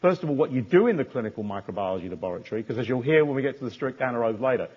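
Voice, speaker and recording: Man lecturing, husky voice, lo-fi sound. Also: medium pitch, expressive, rapid-fire. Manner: repeats and restarts words, stresses key terms. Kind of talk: university lecture. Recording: dull lo-fi lecture recording.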